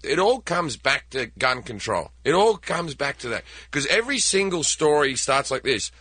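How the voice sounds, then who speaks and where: A man's voice: mid-range voice, sing-song, normal speed, bright, forceful tone, breathy edge, dry recording. An Australian man on a talk show, ranting sarcastically with laughs between points. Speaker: comedian guest.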